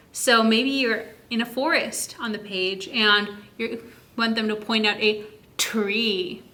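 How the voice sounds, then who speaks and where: A woman explains reading tips to parents in a bright, clear voice that sits a little high. She speaks in a friendly, encouraging teacher's manner and sometimes draws words out very slowly so each sound can be heard. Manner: slow, stretched-out words to demonstrate sounds. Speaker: early literacy educator. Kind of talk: instructional video talk to parents.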